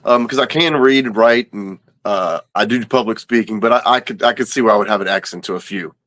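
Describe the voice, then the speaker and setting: A man's voice: on the low side, a little fast, a bit bright, dry recording. A man with a Louisiana accent, speaking as a guest in a casual interview in a plainspoken, self-deprecating way.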